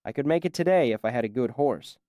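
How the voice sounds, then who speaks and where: A man reading a first-person fantasy audiobook in a measured storytelling manner. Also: medium pitch, lively intonation, mellow, no room sound, clean studio sound. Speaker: audiobook narrator. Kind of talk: scripted first-person narration.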